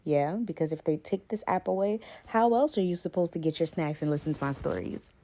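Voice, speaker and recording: Low, mellow woman warning viewers. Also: brisk. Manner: direct, addresses viewers as y'all, warning tone. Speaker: storyteller. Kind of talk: casual storytime vlog.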